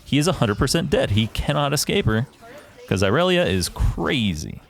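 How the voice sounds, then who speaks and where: A man's voice: medium pitch, big pitch swings, moderate pace, vocal fry. Profane man ranting over his gameplay. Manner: profane, ranting, self-assured; analytical, talks through his decisions. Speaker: gaming YouTuber reviewing his own match. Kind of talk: casual gameplay commentary.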